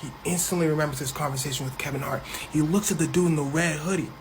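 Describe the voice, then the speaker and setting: A man telling a comedic story fast, with slang and quick switches into voices for each person in it. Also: a little high, steady tone, noisy background.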